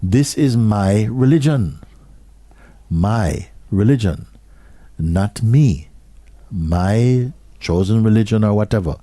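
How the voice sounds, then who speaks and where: Speaking as a spiritual teacher, a man gives an audience a slow, questioning talk, repeating short phrases and occasionally dropping almost to a whisper. His voice is lowish, expressive and mellow, with no room sound.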